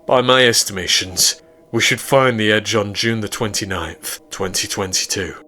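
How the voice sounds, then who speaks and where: A man voicing an arrogant, volatile male scientist who speaks pompously and a little louder. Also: lowish voice, moderate pace, soft background music.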